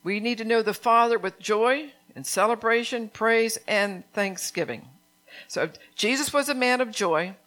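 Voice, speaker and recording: A woman's voice: on the high side, a little slow, a bit bright. A woman preaching a sermon in a conversational, fervent way, often checking in with her congregation.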